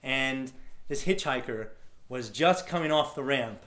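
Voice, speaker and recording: A man's voice: medium pitch, animated, measured pace, fairly bright tone, echoey room. A man telling stories to an audience as a motivational speaker, acting out the voices of people he met and laughing often. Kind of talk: storytelling talk to a live audience.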